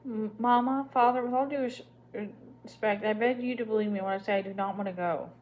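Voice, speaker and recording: A woman's voice: mid-range voice, fairly quick, muffled recording, a little hiss or hum, lightly acted. A woman reader voicing a polite young girl who pleads in a shaky voice. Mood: pleading. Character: anxious well-mannered young girl pleading.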